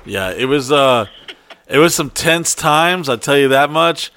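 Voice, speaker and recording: A brash young man with a slightly high voice, cursing freely as he chats. He talks with hype and swagger among friends. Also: animated, measured pace, pushed and bright, clear, resonant tone. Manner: brash, profane, hyped-up. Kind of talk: casual storytelling chat.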